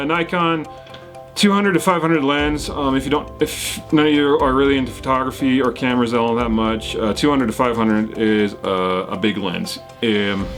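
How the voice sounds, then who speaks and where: Rambling man answering viewer questions. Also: medium pitch. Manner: rambling, many fillers and restarts. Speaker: whitewater kayaking channel host. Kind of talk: casual Q&A, reading viewer comments.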